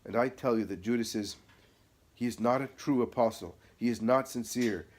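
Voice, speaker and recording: A man's voice: medium pitch, normal speed, darkish tone, natural voice. A man reading the part of an earnest apostle pleading with his cousin to beware of a false friend. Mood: grave. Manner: impassioned, pleading.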